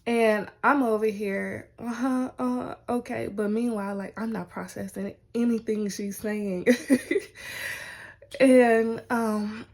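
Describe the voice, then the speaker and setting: A woman's voice: mid-range voice, steady tone, takes it slowly. A woman telling a personal story to her viewers in a casual vlog, chatty and loose, peppering her talk with "like" and "y'all". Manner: chatty, heavy use of "like" and "y'all". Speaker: vlogger.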